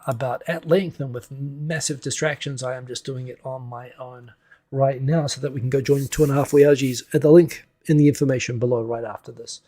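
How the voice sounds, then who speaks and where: A man's voice: medium pitch, gravelly, mellow, husky. A man hosting a livestream, giving casual, wry, rambling commentary on the news from a home setup into a desk microphone. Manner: rambling, wry, self-interrupting. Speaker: livestream host. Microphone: desk USB microphone.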